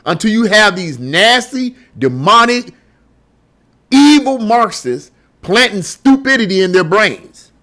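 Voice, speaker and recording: A middle-aged man with a somewhat high voice delivers a solo opinion commentary. He talks bluntly and heatedly, stumbling over repeated words when he gets worked up. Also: sing-song, takes it slowly, bright, forceful tone. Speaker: political commentary host.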